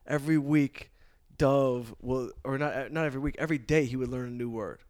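A man's voice: medium pitch, a little fast. A man in his forties hosting a casual chat, telling stories with energy, swearing and slipping into playful voices. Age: 40s. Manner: animated storyteller, swears, slips into playful voices. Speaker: podcast host.

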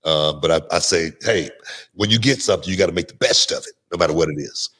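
A middle-aged man, a guest on a podcast, telling stories in a lively way and often repeating his words. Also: deep voice, breathy edge. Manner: animated storyteller, repeats words, quick restarts. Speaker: guest, former wrestler. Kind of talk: casual podcast interview storytelling.

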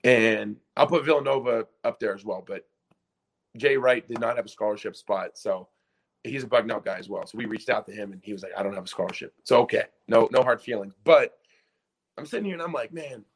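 Excitable young man telling a story. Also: lowish voice, fairly quick, breathy edge. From Pennsylvania. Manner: excited, rambling, full of restarts and acted-out quotes. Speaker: former college basketball player, guest. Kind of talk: casual storytelling in a podcast interview.

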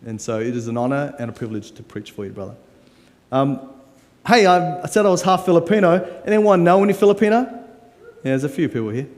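A man's voice: a little high, animated, fairly quick, darkish tone. A man in his forties preaching a live sermon as a guest pastor, playful and joking as he coaxes the congregation. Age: 40s. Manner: playful, joking and coaxing the crowd. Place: church auditorium with live audience. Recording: long hall reverb.

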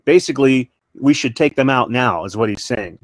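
Halting, emphatic man in dry sound. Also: medium pitch, lively intonation, no room sound, poor audio. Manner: halting, many restarts and fillers; emphatic, repeats points. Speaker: interview guest. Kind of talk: casual political talk.

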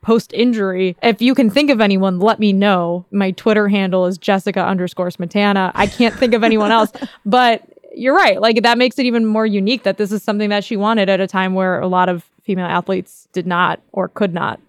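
A woman's voice: mid-range voice, fairly even intonation, a little fast, smooth, no echo, studio quality. A woman co-hosting and producing a podcast, chatting casually in a playful, jokey way and laughing often. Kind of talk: casual chat.

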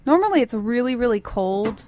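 A woman's voice: on the high side, sing-song, normal speed, dark tone. A woman co-hosting a morning radio show in a studio, chatting casually and laughing often. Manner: giggly, game for silly voices. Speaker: radio co-host. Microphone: studio microphone.

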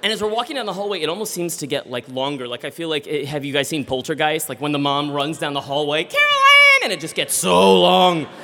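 A man telling a comic personal story live on stage, animated and acting out voices. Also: on the high side, fast talker, creaky, hardly any pauses, in a large hall, slight background noise. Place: theater stage.

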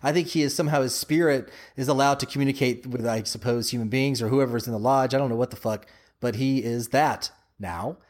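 A man's voice: mid-range voice, fairly quick. A man co-hosting a podcast, talking loosely and casually, hedging with "kinda" and swearing now and then. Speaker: podcast co-host. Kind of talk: casual chat.

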